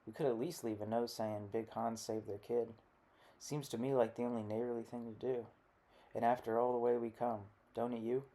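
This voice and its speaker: A man reading the part of a rough, bitter rural father, with gruff, blunt folksy talk. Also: mid-range voice, level tone, moderate pace, dark tone, natural voice. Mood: sly.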